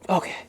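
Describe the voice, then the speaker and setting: Dramatic, self-mocking young man vlogging. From United States. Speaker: streamer and vlogger. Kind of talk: casual vlog chat. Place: at home, setting up a computer.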